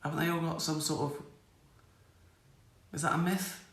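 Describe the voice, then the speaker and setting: A man's voice: on the high side, fairly even intonation, moderate pace, fairly bright tone. A man in his sixties chatting casually on a live stream, rambling and mocking himself as he answers viewer questions. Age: 60s. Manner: rambling, self-mocking, chuckling. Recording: roomy echo.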